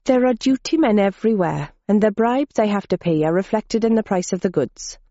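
A man's voice: high voice, animated, brisk, mellow, dry recording. A woman doing a sing-song Welsh smuggler man. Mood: salesy. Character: Welsh male cheese smuggler, wily trader. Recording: dull lo-fi recording.

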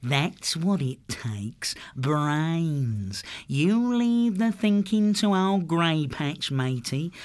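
A man's voice: fairly high pitch, big pitch swings, very slow, hardly any pauses, voice pushed up, heavily acted. A man voicing a cunning, boastful male pirate rat captain who drawls in sailor's slang. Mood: scheming.

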